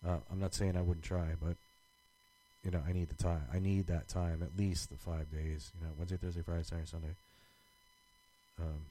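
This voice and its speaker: A man's voice: sits low, warm tone, low-quality recording. A man co-hosting a podcast in casual chat, rambling with many restarts and fillers. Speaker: podcast co-host.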